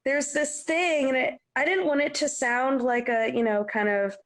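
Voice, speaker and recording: A woman's voice: high-pitched, normal speed. A young adult woman, a singer-songwriter, chatting in an interview and acting out the people in her stories. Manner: animated storyteller, acts out quotes. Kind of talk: casual interview chat.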